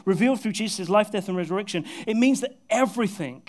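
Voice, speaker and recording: Guy preaching at church, fairly high voice, earnest, goes soft and quiet a lot, jokes at his own expense. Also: animated, fast talker. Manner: earnest, often dropping to soft, intimate tones; self-deprecating humor with bursts of laughter. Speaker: pastor. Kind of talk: sermon. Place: church service with a congregation.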